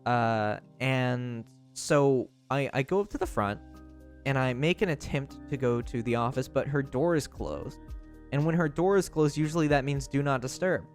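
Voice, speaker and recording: A man's voice: mid-range voice, normal speed, faint music behind. A young man livestreaming, telling a story in casual chat, rambling with lots of fillers and restarts.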